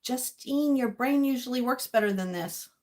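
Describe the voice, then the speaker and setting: A woman's voice: fairly high pitch, moderate pace, darkish tone. A woman vlogging as she cooks, rambling to herself and her viewers and laughing often. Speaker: cooking vlogger. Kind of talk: casual kitchen chatter to viewers. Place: home kitchen. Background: clinking dishes and cutlery.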